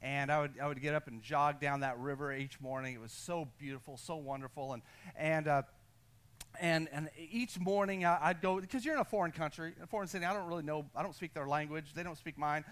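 An American pastor preaching to his congregation in a church, his voice sitting high for a man. He talks in quick bursts with restless energy, laughs at himself and calls on the listeners to answer back. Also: a bit bright. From United States. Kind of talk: sermon with personal story. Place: church sanctuary.

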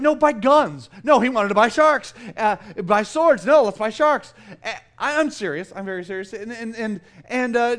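A middle-aged pastor with a very high voice preaches a sermon, telling stories in a lively, self-mocking style.

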